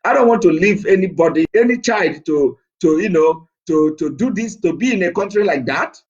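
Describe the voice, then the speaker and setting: A male preacher with a voice pitched high for a man. He delivers a fired-up political address, defiant and emphatic, repeating his key words again and again. The recording sounds dull and lo-fi. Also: lively intonation, moderate pace.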